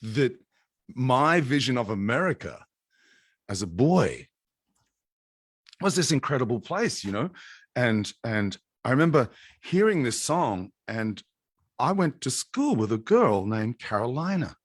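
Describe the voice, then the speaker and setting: A man's voice: medium pitch, very animated, a little slow, husky, dry recording. A man, a musician guest, telling a rambling story on a video call, with restarts. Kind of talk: casual chat and singing with guitar. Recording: guitar playing under the voice. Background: acoustic guitar.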